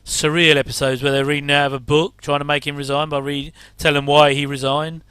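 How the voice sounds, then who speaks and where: Middle-aged guy rambling thru a watch-along, bright and crisp, dry close mic. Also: a little high, level tone, brisk, no echo. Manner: chatty, rambling asides, wry jokes and chuckles. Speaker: commentator reacting to an old TV episode. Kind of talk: casual watch-along commentary.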